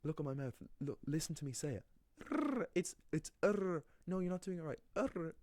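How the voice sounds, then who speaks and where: A man mimicking an impatient high-pitched language teacher. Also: lively intonation, moderate pace, a little mellow, no room sound, lightly acted. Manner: exasperated, insistent. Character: impatient male language teacher, repeating himself.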